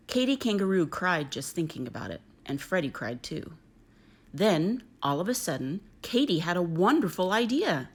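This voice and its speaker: A middle-aged woman reading a children's picture book aloud, gentle and expressive. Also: fairly low pitch. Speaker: storyteller.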